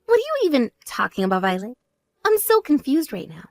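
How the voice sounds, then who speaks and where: A woman voicing a composed older sister who speaks in a calm, measured and cutting way. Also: creaky, no room sound, studio quality, full character voice. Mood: cool. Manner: measured, calm, lower and drier.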